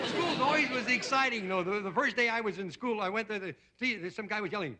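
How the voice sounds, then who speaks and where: A man's voice: high-pitched, expressive, moderate pace, pauses often, heavy background noise. A man in his fifties from Indiana hosting and telling a rambling stand-up monologue, stumbling over words and laughing at his own jokes, on a television studio stage. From Indiana, USA. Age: 50s. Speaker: comedian and host. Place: television studio stage before a live audience. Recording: roaring studio audience over an old TV broadcast.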